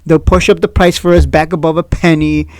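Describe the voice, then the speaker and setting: A man's voice: a little high, level tone, fairly quick, no echo. Blunt, opinionated man with a dry close mic. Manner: blunt, opinionated, sarcastic, often laughs at critics. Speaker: stock market video host. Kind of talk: casual trading commentary.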